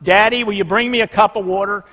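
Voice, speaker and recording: A man's voice: high-pitched, steady tone, fast talker, pushed and bright. A pastor voicing a pleading little boy. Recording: long reverb in a large church.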